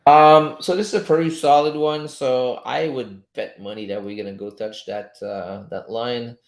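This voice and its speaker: A man's voice: medium pitch, fairly even intonation, moderate pace, gravelly. A French-native man coaching viewers through a live trading stream, loose and chatty, swearing now and then and chuckling as he talks. His voice sits in a middle register and bounces around a room with plenty of echo. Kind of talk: casual live-stream chat while reading charts. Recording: roomy echo.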